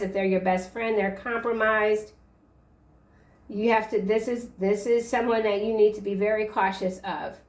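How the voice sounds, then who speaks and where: A woman reads tarot in an unhurried, meandering way, trailing off and restarting as she interprets each card. Her voice sits at an ordinary middle pitch. It sounds roomy and echoey, a little away from the microphone. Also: far from the mic. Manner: rambling, halting stream of card interpretations. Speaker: tarot reader. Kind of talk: casual tarot reading to camera.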